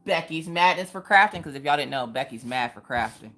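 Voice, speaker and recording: A woman's voice: sits low, expressive, fairly quick, a bit bright, faint music behind. A woman hosting a casual livestream chat. She greets viewers by name with playful exclamations and chatty, joking asides. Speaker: livestream host.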